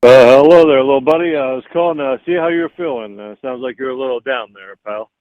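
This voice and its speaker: A man's voice: mid-range voice, fast talker, no echo, lightly acted. A man putting on a drawling, fatherly caller styled after a famous singer, who keeps calling the host little buddy. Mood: soothing. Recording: tinny phone line.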